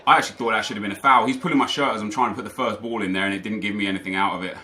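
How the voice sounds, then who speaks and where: A man's voice: lowish voice, steady tone, rapid-fire, bright, forceful tone. A young man commentating live over his own gameplay, ranting in frustration to his viewers. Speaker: gaming YouTuber.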